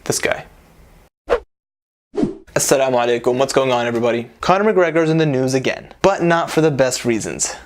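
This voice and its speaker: A man in a mid-range voice hosts a commentary vlog. He talks in a joking, animated way and drops chuckling asides. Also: medium pitch, quick pace, hardly any pauses, noisy background. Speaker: vlog host.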